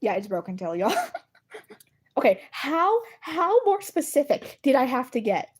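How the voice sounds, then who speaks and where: A woman chatting casually on a livestream, addressing her viewers directly and breaking into giggles between sentences. Her voice sits a little on the high side, and her manner stays animated. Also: a little slow, breathy edge. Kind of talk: casual chat.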